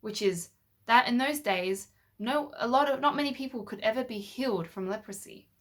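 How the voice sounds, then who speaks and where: A woman with a slightly high voice, speaking at a moderate pace, recounts a Bible story to kids using toy figures. She remains patient and asks them questions throughout.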